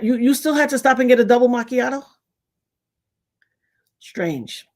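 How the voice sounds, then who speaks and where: On her casual livestream, a female host reads viewer comments and shares blunt, slangy, emphatic stories, laughing as she goes. She is expressive and unhurried, with her voice ranging widely in pitch and loudness.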